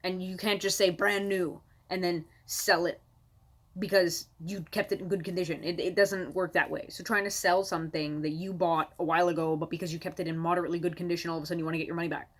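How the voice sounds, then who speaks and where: A woman's voice: fairly low pitch, steady tone, fast talker. A woman comedian from Canada delivering an exasperated, sarcastic stand-up rant at home, swearing freely.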